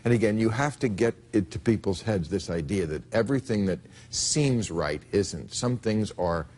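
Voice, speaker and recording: A man's voice: lowish voice, animated, moderate pace, darkish tone. A man hosting a casual interview, joking and sarcastic. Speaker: interviewer host.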